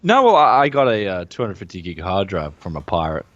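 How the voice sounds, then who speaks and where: A man co-hosting a casual tech podcast, relaxed and drawling, often calling people man and dude. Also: deep voice, fairly quick, no echo, highs cut off. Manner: laid-back, drawling, says man and dude a lot. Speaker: co-host.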